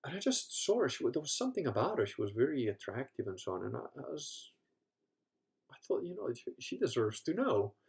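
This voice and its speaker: A man in casual storytelling mode, rambling and profane, at an ordinary pitch for his sex. He laughs often and slips into brief impressions of the people he describes, restarting sentences as the thoughts come. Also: very animated, a little fast, gravelly, a little mellow. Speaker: podcast host.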